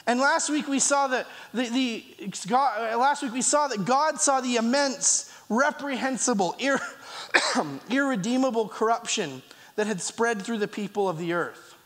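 A pastor with a very high, expressive and slightly bright voice preaches a sermon in a church, and the hall's long reverb carries his words. He is earnest, reading scripture aloud with pauses and restarts, and he coughs slightly.

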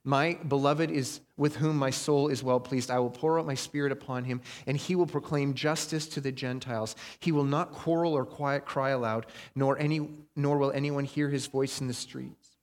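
A man's voice: medium pitch, fairly even intonation. Man preaching in a reverberant hall. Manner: conversational preaching, stresses and slows key phrases. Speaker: pastor. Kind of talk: sermon.

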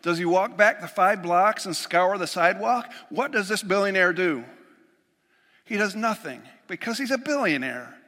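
A male pastor delivers an animated sermon, slipping into little voices for worried people in his stories. His voice sits a touch high and rings bright and forceful. It is recorded in a church hall with a long, lingering reverb. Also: moderate pace. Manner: animated storytelling, acting out quoted worries. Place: church sanctuary.

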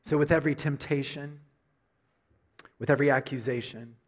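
A middle-aged man preaching a sermon with emphatic delivery, repeating key phrases and building to loud high peaks. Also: steady tone, normal speed. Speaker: pastor.

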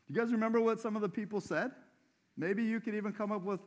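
A man's voice: sits high, lively intonation, fast. A male pastor preaching a sermon in a church, talking conversationally and asking the congregation questions.

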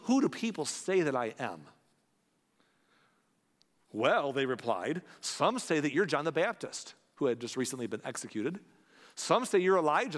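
Pastor, man, fairly high voice, lively conversational sermon, long hall reverb. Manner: conversational, animated preaching with acted-out quotes.

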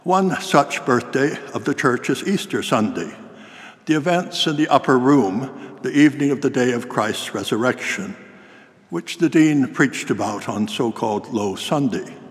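An older man preaching a sermon in a cathedral, telling a story in a measured, formal way. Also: mid-range voice, expressive. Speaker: priest. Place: large cathedral. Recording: long cathedral reverb.

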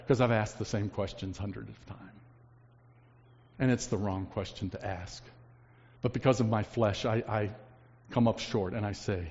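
Man preaching a sermon, loud then hushed, big echoey church, kinda muffled. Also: normal speed. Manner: dramatic shifts between loud emphasis and hushed low lines. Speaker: pastor. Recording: long reverb, dull lo-fi sound.

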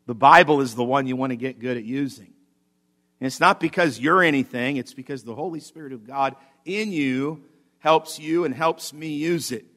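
A man, a pastor, preaching a sermon with animated swings between loud emphasis and quiet asides. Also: mid-range voice, moderate pace. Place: church.

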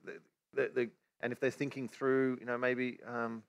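A man's voice: mid-range voice, little pitch movement. A man with an Australian accent, a pastor, talking casually through a Bible teaching with many restarts. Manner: quick-talking, restarts often. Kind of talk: casual church teaching chat.

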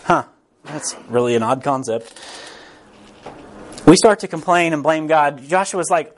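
A man's voice: a little high, normal speed. A young man teaching a Bible class in a casual, conversational way, repeating phrases and acting out the voices he quotes.

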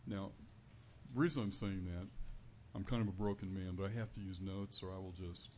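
A man giving an earnest, conversational sermon as a preacher in a church, building to louder emphasis on key points. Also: sits low, fairly even intonation, fairly quick. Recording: dull lo-fi recording with faint room noise.

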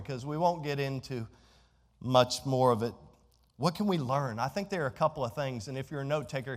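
A man preaching a sermon as pastor, emphatic and repeating his key phrases. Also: medium pitch. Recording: long hall reverb.

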